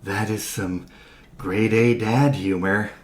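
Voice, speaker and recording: Man as a self-conscious bug celebrity, lowish slow voice, roomy room. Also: steady tone. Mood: wry. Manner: wry, self-conscious, mildly anxious. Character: giant bug turned male internet celebrity. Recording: roomy echo.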